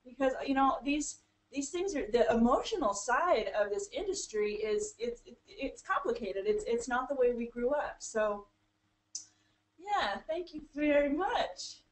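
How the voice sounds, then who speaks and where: A woman's voice: on the high side, animated, normal speed. A woman hosting an interview, responding to her guest in an affirming way. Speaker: interview host. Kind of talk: interview wrap-up. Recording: echoey room.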